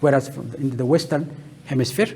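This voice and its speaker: A man's voice: mid-range voice, vocal fry, a little mellow, soft background music. A man giving a classroom lecture, listing terms one by one and answering his own questions. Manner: asks questions and answers them himself; lists terms one by one with pauses.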